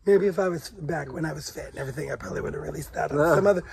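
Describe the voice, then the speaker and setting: A middle-aged man with a hoarse, gravelly voice worn rough from days of coughing. He chats easily on a vlog and laughs often, his voice sitting a little high for a man. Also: rapid-fire, darkish tone. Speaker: vlog co-host. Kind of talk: casual chat.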